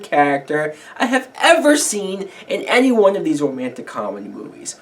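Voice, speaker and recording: A man's voice: on the high side, wildly swooping pitch, normal speed, few pauses, a bit bright. A young man giving a profane, exasperated, sarcastic rant as a movie reviewer. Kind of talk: ranting film review.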